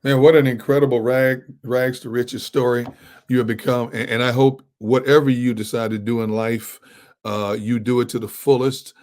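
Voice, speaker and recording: A man's voice: mid-range voice, level tone, normal speed, a little mellow. A man hosting a sports interview show, effusive and enthusiastic with his guest. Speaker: host.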